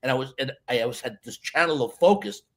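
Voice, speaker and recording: A man, a stage hypnotist, chatting in a casual interview and telling lively stories, acting out other people's voices. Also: mid-range voice, fast. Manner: animated storyteller, acts out voices.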